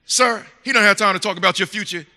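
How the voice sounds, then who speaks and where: A man's voice: sits high, fast, bright, forceful tone. A man voicing a brusque, dismissive female school secretary during a sermon, in a curt, gatekeeping manner, heard in an echoey hall.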